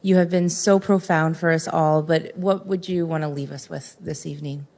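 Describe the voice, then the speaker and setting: A woman with a lowish voice moderates a live event, reading out questions and thanking the speaker. She sounds appreciative and unhurried in the room. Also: steady tone, gravelly, a little mellow.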